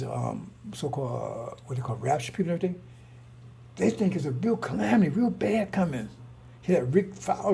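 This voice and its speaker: A man's voice: high voice, creaky, mellow, slightly rough. A man giving an informal religious talk, rambling and repetitive, full of rhetorical questions. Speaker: preacher.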